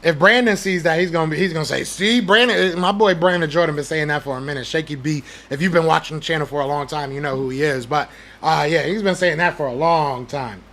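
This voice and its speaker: Fired-up man ranting, bright gravelly voice. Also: fairly high pitch, fast. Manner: fired-up, emphatic, slangy and blunt. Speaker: podcast host. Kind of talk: heated sports rant, reading live chat.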